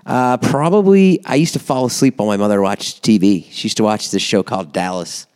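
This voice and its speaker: A man's voice: fairly low pitch, brisk, a little mellow, clean tone. A man co-hosting a podcast in casual chat, asking questions and teasing his partner. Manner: teasing, asks lots of questions. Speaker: podcast co-host.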